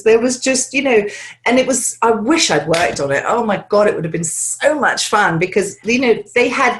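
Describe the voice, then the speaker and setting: A woman's voice: mid-range voice, fairly quick. Chatty woman voice actor. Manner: chatty, animated, many fillers and restarts. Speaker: voice actor guest. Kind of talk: casual conversational interview.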